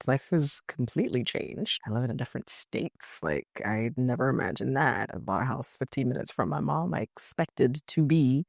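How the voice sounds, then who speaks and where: A woman therapist, a podcast guest, chatting casually and telling animated stories, full of "like" fillers. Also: very deep voice, gravelly, no echo, studio quality. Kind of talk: casual conversational interview.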